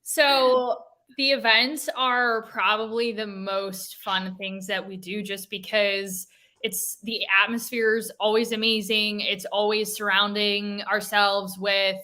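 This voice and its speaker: A woman's voice: mid-range voice, steady tone, takes it slowly, pushed and bright. A young woman co-hosting a sports show, chatting casually and rambling, with many fillers and some teasing. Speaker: co-host. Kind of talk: casual chat.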